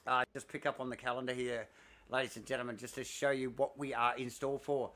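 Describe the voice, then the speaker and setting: A man, commentating a sim race live, excitable and out of breath, rambling with fillers. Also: medium pitch, fairly quick.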